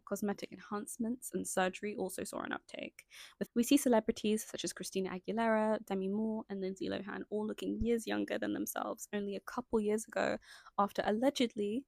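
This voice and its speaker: Young woman reading her video essay, lots of vocal fry, dry close sound, keeps breaking off to chat. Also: medium pitch, darkish tone, no echo. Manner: reads from a script, breaks off into chatty self-conscious asides. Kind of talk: video essay narration with casual asides. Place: indoors at home, lighting changing.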